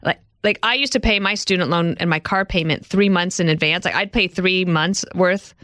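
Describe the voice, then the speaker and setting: A woman hosts an interview in a fairly low voice, her questions sounding dry and close on a studio mic. She affirms her guest as she listens. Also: normal speed, a bit bright, no echo. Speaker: podcast host, author. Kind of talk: interview hosting.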